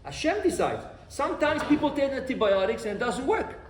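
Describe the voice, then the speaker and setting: A man's voice: very high-pitched, brisk. A man giving a sermon as a rabbi, telling stories and asking rhetorical questions. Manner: animated storytelling with rhetorical questions. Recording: roomy, distant mic, faint noise.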